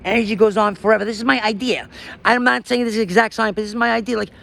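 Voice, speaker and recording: A man's voice: sits high, fairly even intonation, fast talker, creaky, pushed and bright. A man in a raw personal monologue, rambling, emotionally distressed and swearing often. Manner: profane.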